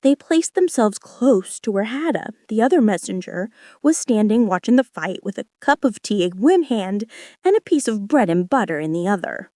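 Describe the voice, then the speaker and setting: A woman reading a children's book aloud as a gentle bedtime story, voicing the characters. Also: sing-song, moderate pace, no echo, clean studio sound. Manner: gentle, acts out voices with wide pitch swings. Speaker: narrator.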